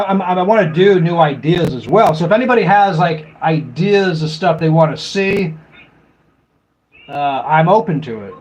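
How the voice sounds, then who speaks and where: A man's voice: fairly high pitch, a little mellow, dull audio, a little hiss or hum. A middle-aged man hosting a live stream, chatting casually, rambling and laughing often as he mocks commenters.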